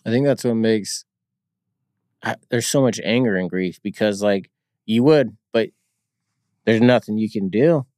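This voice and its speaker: Man, podcast host, lowish pitch, reflective, soft-spoken, dry sound. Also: measured pace, pauses often, no room sound. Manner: reflective, soft-spoken, shares own experience. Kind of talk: candid conversational interview.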